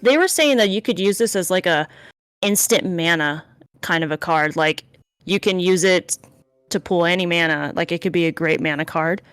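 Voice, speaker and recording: A woman's voice: on the low side, normal speed, fairly bright tone, clean tone, no echo, soft background music. A woman chatting casually on a voice call, telling a story in a chatty way.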